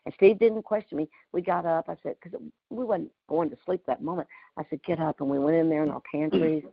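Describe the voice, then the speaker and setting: A middle-aged woman with a drawl tells a heartfelt story in a folksy, emotional way. Her voice is gravelly and a little husky. It comes through dry, dull, lo-fi video call audio. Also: deep voice, steady tone, a little fast, dry recording. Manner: folksy, emotional, often laughing. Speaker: community call host.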